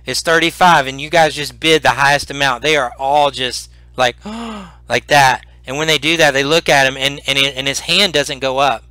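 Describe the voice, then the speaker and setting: A man narrating a tabletop role-playing game as game master, animated and full of restarts. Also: medium pitch, brisk, few pauses, no room sound, poor audio. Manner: animated, repeats words and restarts.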